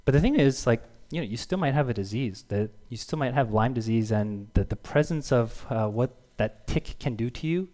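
A man's voice: medium pitch, expressive, moderate pace, hardly any pauses, darkish tone. A man in his thirties, a pastor giving a sermon in an easygoing storytelling way, with fillers and chuckles. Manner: casual storytelling with fillers and laughs.

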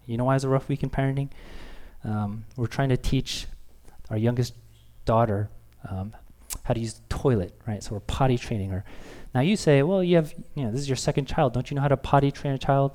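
A man in his thirties with a medium-pitched, slightly mellow voice preaches a sermon as a pastor at a brisk pace. He speaks candidly and pokes fun at himself, slipping in playful acted-out quotes.

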